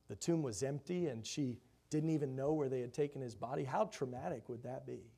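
A man preaching a sermon, reading scripture aloud and expounding on it with rhetorical questions, his voice swelling loud for emphasis and dropping soft. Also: mid-range voice, a little fast, creaky, hardly any pauses, breathy edge.

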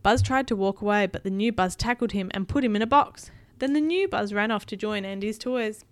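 A woman reads a storybook aloud to a child at home, gentle and patient in her pacing. Her voice sits mid-range and the room is dry and close. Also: medium pitch, a little fast, dry recording. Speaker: parent reading to a child.

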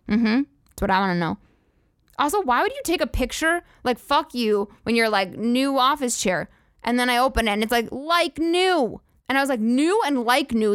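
A woman's voice: a little high, dry recording, studio quality. A young woman hosting a podcast, ranting casually with sarcastic, profane, rambling asides. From United States. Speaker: podcast host. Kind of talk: casual comedic rant.

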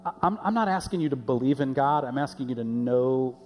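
A man preaches in a loose, conversational way and often repeats his words as he goes. His pitch sits in the middle range. His voice carries the long reverb of a church sanctuary. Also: lively intonation, a little fast, a little mellow, faint music behind. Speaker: pastor. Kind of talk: sermon.

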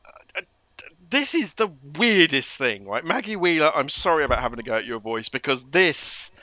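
A man co-hosting a casual podcast chat, animated and quick to laugh, often tripping over repeated words. His voice sits fairly high with a lot of lift and fall, bright in tone, recorded close and dry. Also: no echo. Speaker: podcast co-host.

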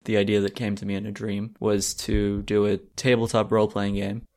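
Low-voiced man teasing his co-host. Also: a little fast. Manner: teasing, deadpan jokes. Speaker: podcast co-host and game master. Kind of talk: casual comedic chat.

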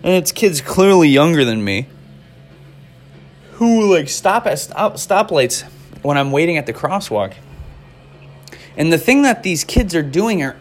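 A man in his twenties rants through a stand-up bit, swearing freely as he rambles from one complaint to the next. His pitch sits at an ordinary middle level. He sounds exasperated throughout. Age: 20s. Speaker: comedian. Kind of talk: stand-up rant.

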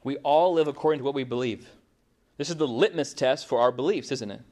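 A man preaches to his congregation in a relaxed, conversational way. His voice sits in an ordinary middle pitch. He keeps checking in with the room through quick rhetorical questions. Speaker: pastor. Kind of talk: sermon.

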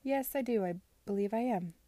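A woman reading aloud as a young gentlewoman who talks quickly and is flustered, in a storybook reading. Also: high voice, no room sound, pitched above the performer's own voice, lightly acted.

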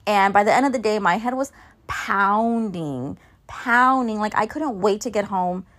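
A woman's voice: mid-range voice, expressive, measured pace, fairly bright tone. A woman telling a candid, chatty story in a casual vlog, swearing freely. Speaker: vlogger and mom.

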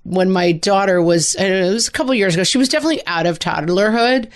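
A chatty woman co-hosting a podcast, talking at a middle pitch for a woman. She laughs often and slips into playful toddler voices. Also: lively intonation, fast talker. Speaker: podcast co-host. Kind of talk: casual chat.

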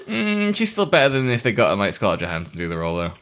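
A podcast co-host with a lowish voice talks at a quick pace in casual chat. He's an animated storyteller who laughs a lot as he goes.

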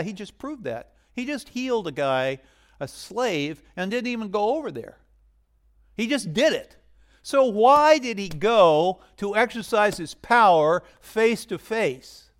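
A man's voice: a little high, vocal fry. Conversational male pastor preaching. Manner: conversational, swings from loud emphasis to near-whisper. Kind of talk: sermon.

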